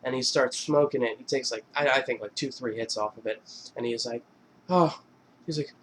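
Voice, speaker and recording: A man's voice: medium pitch, fairly even intonation, a little fast, fairly bright tone, slight background noise. Rambling, profane young man vlogger. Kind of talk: casual movie recap.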